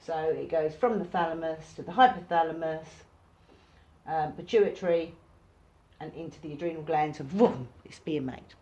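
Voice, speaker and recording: A woman giving an informal recorded workshop lesson, talking casually and acting out reactions in sudden high bursts. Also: normal speed, darkish tone, muffled recording. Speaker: workshop teacher.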